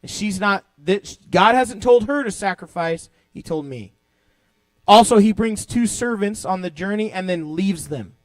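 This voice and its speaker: A young male youth pastor with a fairly high voice preaches in a loose, joking way, acting out quotes as he tells his stories. The sound is dry and close, with little room around it. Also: animated, a little slow, no room sound. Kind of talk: youth sermon. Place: church youth service hall.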